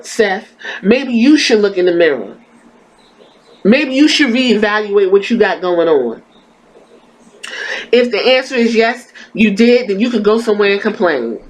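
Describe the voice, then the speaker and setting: A woman's voice: medium pitch, rough recording. A woman hosting a podcast, delivering blunt, profane and exasperated commentary on wrestling. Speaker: podcast host.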